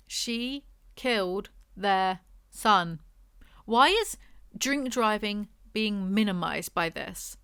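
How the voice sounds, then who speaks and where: A woman's voice: medium pitch, a bit bright, clean tone, no echo, clean studio sound. A British woman giving a casual book review from a hotel room, chatty and rambling, with sarcastic asides.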